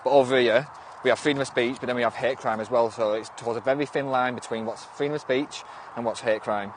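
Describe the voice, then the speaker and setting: A man's voice: mid-range voice, steady tone, fast talker, background noise. A young man from Northwest England with a Northern English accent, chatting loosely on a phone livestream, rambling with frequent restarts and swearing now and then. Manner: rambling, restarts often, swears and snaps back at commenters. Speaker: livestream host. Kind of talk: casual livestream chat, reading and answering viewer comments.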